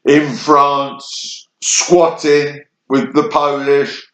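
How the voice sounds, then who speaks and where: Slow rambling english guy from kent, choppy little phrases, echoey room. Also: fairly high pitch, monotone, fairly bright tone. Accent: southern English. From Kent, England. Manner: fragmented, jumping between memories in short bursts. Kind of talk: rambling personal monologue.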